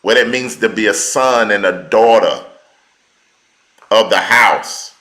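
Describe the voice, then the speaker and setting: A man preaching a teaching sermon, slow and deliberate, repeating key words for emphasis in informal, colloquial speech. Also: on the low side, sharp tone, reverberant, rough recording.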